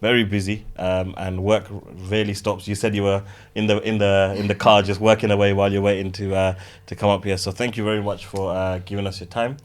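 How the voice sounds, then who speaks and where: A man hosting a casual podcast, warmly thanking his guests and wrapping up the show. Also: fairly low pitch, level tone, a little fast, few pauses. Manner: friendly, thanking guests at length. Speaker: podcast host.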